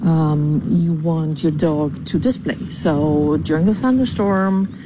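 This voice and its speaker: A woman calling in to a podcast with a recorded voicemail, speaking deliberately with frequent ums. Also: low-pitched, noisy background. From California. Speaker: caller.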